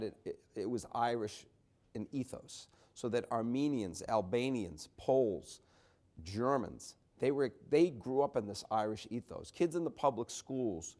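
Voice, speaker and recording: A middle-aged author and journalist from the Boston area, USA, speaks at a book talk in a chatty, storytelling style full of restarts and wry asides. His voice is medium-pitched and warm.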